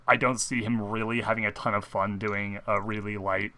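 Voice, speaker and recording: A man's voice: lowish voice, flat delivery, moderate pace, bright, forceful tone. A young man co-hosting a casual fan talk show, rambling with lots of fillers and restarts. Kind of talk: casual chat.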